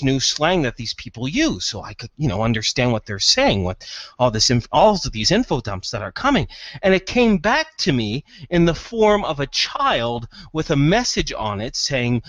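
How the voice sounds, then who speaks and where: A man voicing an excitable male hacker who rambles and stammers eagerly. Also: on the high side, no echo. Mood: excited.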